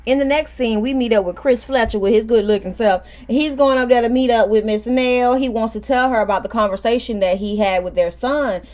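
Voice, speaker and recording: A woman's voice: a little high, brisk, few pauses, a little mellow. A woman hosting a casual reality TV recap, sassy and outspoken, with frequent asides. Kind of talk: casual episode recap commentary.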